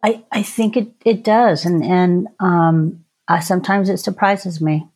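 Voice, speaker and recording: Soft-spoken reflective woman, lower voice. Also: steady tone, unhurried. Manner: hesitant, many restarts and ums. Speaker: podcast guest. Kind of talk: casual reflective conversation.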